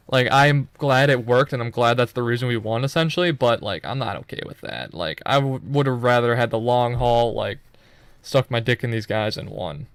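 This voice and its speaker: A man's voice: medium pitch, a bit bright, clean tone, no room sound. A young man giving loose, profane, rambling commentary over his own gameplay footage, full of joking asides.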